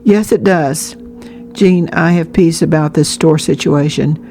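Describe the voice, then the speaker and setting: A woman's voice: low voice, unhurried. A woman voicing a kind, encouraging pastor's wife in a storybook reading. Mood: gentle. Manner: gentle and encouraging.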